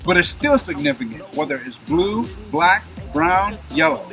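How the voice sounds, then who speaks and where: A man with a bright, forceful voice, a little higher than most, recounts a personal story in relaxed conversation. He acts out the exchanges as he goes, and faint music runs quietly in the background. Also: moderate pace. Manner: animated retelling, acting out shouted dialogue. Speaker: guest telling his story.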